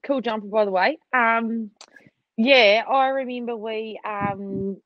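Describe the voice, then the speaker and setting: A woman telling a funny story over a video call, animated and laughing, full of "like". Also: fairly high pitch, slow, dry recording, highs cut off. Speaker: netball player catching up with a teammate. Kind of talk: casual video call chat.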